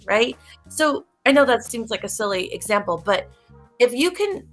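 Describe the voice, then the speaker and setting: A woman hosting a casual livestream in a somewhat high voice that is bright and tense. She talks emphatically and a little preachily, addressing her viewers directly. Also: very animated, moderate pace, faint music behind. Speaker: livestream host.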